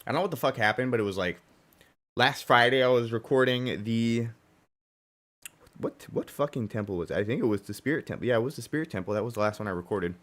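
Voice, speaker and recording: A young man streaming a racing game live, talking casually and profanely while he plays, with a hoarse, strained voice and sudden loud outbursts. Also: mid-range voice, quick pace. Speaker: gaming streamer.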